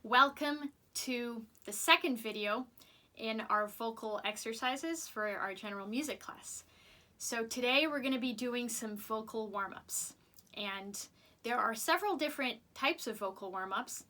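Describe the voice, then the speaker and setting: A woman music teacher leading children through vocal warm-ups, upbeat and patient, showing each exercise aloud. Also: a little high, measured pace.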